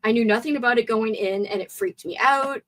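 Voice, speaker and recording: A woman hosting a casual live stream movie chat with a sore throat. She is chatty and excitable, and reads viewer comments aloud. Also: on the high side, brisk, rough recording.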